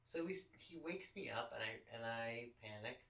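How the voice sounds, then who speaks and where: A podcast host tells a personal story in a frank, swear-filled casual style. His voice is bright and forceful. He sits back from the microphone in an echoey room. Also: medium pitch, lively intonation, normal speed, creaky, recorded from a distance. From Los Angeles. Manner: profane, candid, emotional storytelling.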